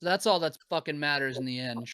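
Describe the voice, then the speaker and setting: A man's voice: a little high, fast, sharp tone, clear, resonant tone, no echo. A man co-hosting a wrestling podcast, chatting casually and swearing freely. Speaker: podcast co-host. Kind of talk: casual chat.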